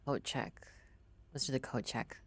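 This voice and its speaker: A woman streamer giving live commentary as she plays a game, reacting out loud, swearing and reading in-game text aloud. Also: extremely low pitch, steady tone, measured pace.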